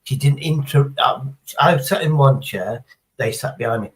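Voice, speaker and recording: A man's voice: mid-range voice, moderate pace, low-quality recording. Rambling, sweary middle-aged Englishman. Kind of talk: casual chat.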